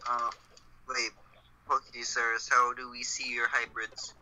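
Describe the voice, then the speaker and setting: A man's voice: mid-range voice, flat delivery, a little slow, pushed and bright, a little hiss or hum, poor audio. A man in casual gaming chat, teasing a friend and joking about the game. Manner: teasing, joking commentary with laughter.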